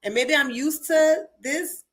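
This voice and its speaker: A woman co-hosting a podcast, chatting in an animated way full of "like". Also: sits high, measured pace, crowd noise. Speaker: podcast co-host. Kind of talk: casual chat.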